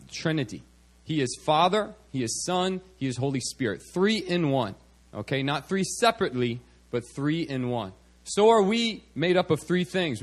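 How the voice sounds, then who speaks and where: A preacher with a somewhat high male voice gives a sermon at a church service. His delivery is relaxed and conversational, and he keeps checking in with the congregation through small "okay"s and "all right"s.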